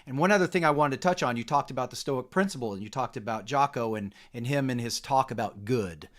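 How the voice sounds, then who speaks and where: A man's voice: mid-range voice, fast. A man hosting a podcast about coaching, summing up his guest's points in casual talk. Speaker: podcast host.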